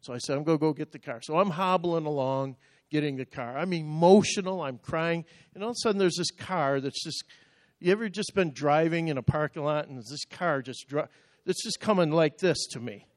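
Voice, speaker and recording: An older man delivering a sermon, with a voice pitched a bit high for a man. He tells personal stories in a plain way, dropping low and quiet and then rising into sudden loud outbursts. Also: brisk, dry recording, studio quality. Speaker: pastor.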